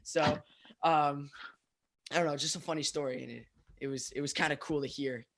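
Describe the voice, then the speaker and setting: A young man with a slightly raised pitch tells anecdotes in a loose, rambling way, piling up ums and likes. It is relaxed podcast chat among friends. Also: a little fast, vocal fry. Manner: rambling storyteller, many fillers. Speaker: podcast co-host. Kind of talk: casual chat.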